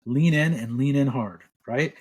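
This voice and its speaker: A man's voice: mid-range voice, unhurried, a little mellow, husky. A middle-aged man, a clinical psychologist, explaining ideas relaxedly in a podcast interview.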